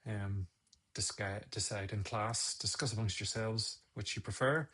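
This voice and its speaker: A photographer with a fairly low, husky voice, pushed and bright, speaks in a steady, unhurried way while teaching photo editing live. As he works he mutters the steps aloud, scolds himself, and chats in asides.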